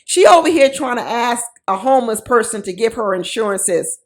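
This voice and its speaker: A woman's voice: on the high side, lively intonation, normal speed. A woman giving casual, sassy commentary on a reality show, mocking the people in it with quoted voices.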